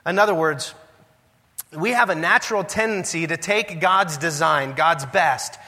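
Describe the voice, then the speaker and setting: A male pastor delivers a sermon in an easy, conversational storytelling manner. His voice is bright and forceful, a little higher than most men's. It rings with the long reverb of a church. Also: measured pace.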